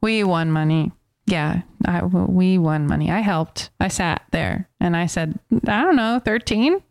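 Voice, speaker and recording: Chatty American woman, smooth voice. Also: on the low side, a little slow, no room sound, clean studio sound. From United States. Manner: animated storyteller, playfully puts on accents. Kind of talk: casual chat about a trip.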